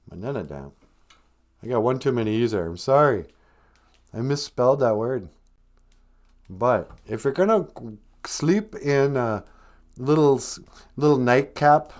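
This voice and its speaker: A man hosting a livestream podcast, telling a rambling deadpan tall tale full of hesitations. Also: mid-range voice. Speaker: podcast host. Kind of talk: comedic storytelling on a livestream.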